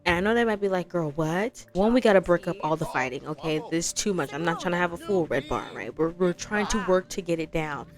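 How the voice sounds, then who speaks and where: A woman's voice: on the low side, lively intonation, quick pace, few pauses. A woman giving chatty, sassy commentary over a game playthrough, with dramatic asides to the viewers. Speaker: gaming video creator.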